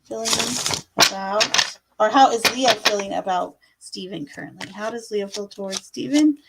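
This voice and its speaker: A woman's voice: medium pitch, normal speed, gravelly, very noisy. A young woman giving casual tarot readings on a live stream, chatty and full of fillers, calling viewers love and my dear. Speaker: livestream tarot reader.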